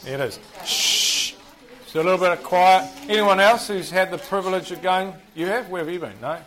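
A man's voice: high voice, fast talker, a bit bright, rough recording. A man with a New Zealand accent teaching a Bible class, quizzing the group and joking at his own expense. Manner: chatty, self-deprecating, asks the group questions.

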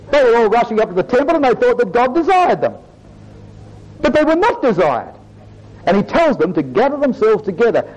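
A man's voice: high voice, a little mellow. A man preaching a sermon to his congregation, earnest and emphatic, often addressing them as brothers and sisters. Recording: dull lo-fi recording.

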